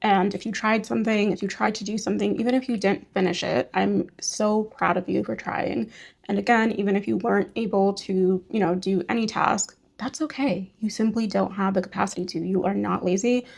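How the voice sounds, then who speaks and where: A young woman talks to her viewers in a soft, reassuring way, rambling a little and filling her sentences with "like". Her voice sits at a middle pitch with a gravelly fry running through it. She sounds like a casual vlogger chatting as she works through her routine. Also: steady tone, brisk. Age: young adult. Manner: gentle, reassuring, rambling with many "like" fillers. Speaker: beauty and hygiene vlogger. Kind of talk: casual talk to camera while doing hygiene.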